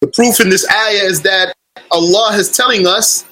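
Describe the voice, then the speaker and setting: High, bright-voiced man giving a lecture. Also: moderate pace, a little hiss or hum, poor audio. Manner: argumentative, quotes opponents then rebuts them; recites Arabic scripture then translates it. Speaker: religious teacher. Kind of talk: lecture on belief.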